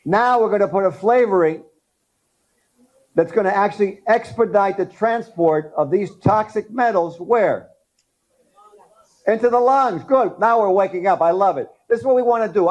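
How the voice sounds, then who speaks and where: A middle-aged man of Cuban background giving an animated talk at a dental conference, firing questions at the audience. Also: high voice, muffled recording.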